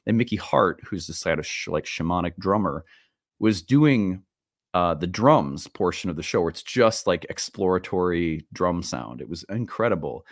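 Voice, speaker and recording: A man hosting an astrology video in a casual talk, animated and self-deprecating, laughing at his own jokes, recorded at home. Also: deep voice, moderate pace, dry recording, clean studio sound. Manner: self-deprecating, playful asides. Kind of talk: casual solo talk to camera. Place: home room with open windows.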